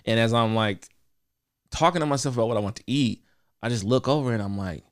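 A man, a rapper guest, chatting casually with laid-back slang, dropping to a mutter and then bursting loud when acting out a scene. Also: medium pitch, fairly quick, a little hiss or hum. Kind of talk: casual chat.

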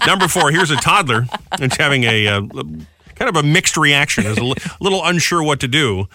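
A man's voice: on the high side, animated, fairly quick, bright, forceful tone, no room sound. A man co-hosting a morning radio show, telling funny news stories in a playful, joking way.

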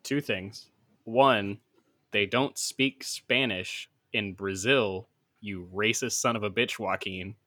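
A man's voice: on the low side, slow, sharp tone, no echo. A man co-hosting a podcast in casual chat, sarcastic and swearing as he argues his points. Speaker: podcast co-host.

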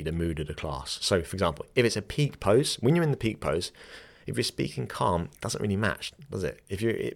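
This young man, who hosts a podcast and teaches yoga, has a low voice with vocal fry. His talk is casual and chatty, with frequent self-corrections, restarted sentences, and easy laughter.

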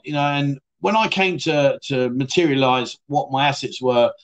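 A man's voice: on the high side, normal speed, hardly any pauses. A middle-aged man hosting a casual livestream, reading out viewer comments with cheeky, self-mocking humour and frequent laughs. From United Kingdom. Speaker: livestream host.

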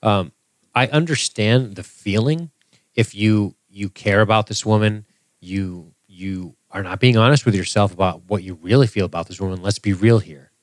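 A man with a fairly low voice in casual podcast talk, blunt and wry with plenty of swearing. The sound is dry and close, with no room echo. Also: normal speed. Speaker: podcast co-host. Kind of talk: casual chat.

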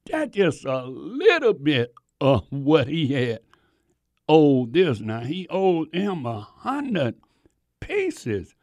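A male preacher with a gravelly, creaky voice that swoops up and down in pitch as he works through the passage. He talks slowly and unhurriedly, stopping to explain in a folksy way. The sound is dry and close. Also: dry recording. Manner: folksy, animated, halting reading with restarts. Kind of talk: sermon with scripture reading.

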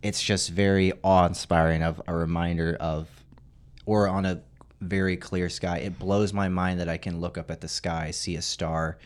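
Man, very low voice, podcast co-host, rambling reflective chat, laughs easily. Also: little pitch movement, normal speed. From Arizona. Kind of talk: casual chat.

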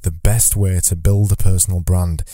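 A man's voice: low-pitched, fairly even intonation, normal speed, mellow, no room sound, studio quality. A man hosting a solo podcast, talking into a microphone from notes in a loose, conversational way, repeating phrases as he thinks aloud. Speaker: podcast host. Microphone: studio microphone.

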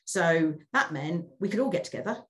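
A woman's voice: fairly low pitch, lively intonation, normal speed. A middle-aged woman speaking as an interview guest. She talks candidly and reflectively, often repeating words as she starts a thought.

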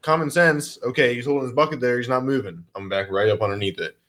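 A man's voice: mid-range voice, fairly bright tone. A young man in casual chat, laid-back and profane, chiming in with his own stories. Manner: laid-back, profane, quick agreeing interjections.

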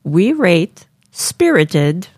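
A woman's voice: on the low side, big pitch swings, very slow, loud music behind the voice. A woman co-hosting a casual podcast, earnest and giggly as she talks through a film. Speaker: podcast co-host. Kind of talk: casual chat.

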